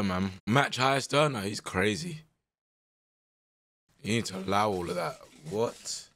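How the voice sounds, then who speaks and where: Young guy, voice a bit low and strained, hyped slangy game commentary. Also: a little hiss or hum. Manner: animated, exclaiming, slangy banter. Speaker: gaming content creator. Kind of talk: casual gameplay commentary.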